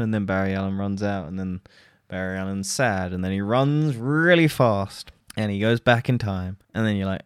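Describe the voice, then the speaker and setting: A man's voice: deep voice, steady tone, a little fast, clear, resonant tone, dry recording, studio quality. A man hosting a solo podcast, giving a rambling, profane film review and mockingly quoting characters. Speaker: podcast host.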